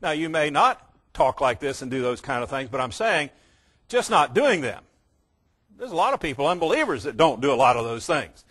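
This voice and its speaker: A man preaching a sermon, emphatic, slowing down to stress key words and mimicking casual believers in quick asides. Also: fairly high pitch, sing-song, a bit bright.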